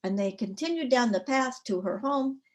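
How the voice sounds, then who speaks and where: A woman storyteller at a story swap, telling a folk tale with an expressive, rhythmic cadence. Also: fairly high pitch, moderate pace.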